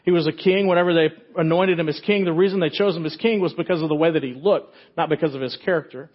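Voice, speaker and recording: A man's voice: a little high, fast, lo-fi sound. A man pastor preaching a sermon in a church, retelling a story in a casual, joking way.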